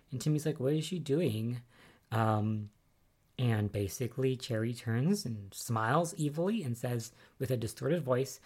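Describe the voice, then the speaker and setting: A young adult podcaster talks through soap opera episodes in a loose, conversational recap. The delivery is chatty and easily exasperated, with lots of "like" and "um". The pitch sits in the middle of the range. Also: a little mellow.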